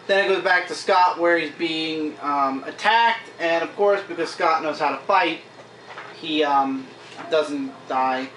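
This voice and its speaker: A man's voice: fairly high pitch, unhurried, a bit bright, a little hiss or hum. A man hosting a casual comic book review vlog, chatty, recapping scenes with plenty of fillers. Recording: echoey room, mic at a distance.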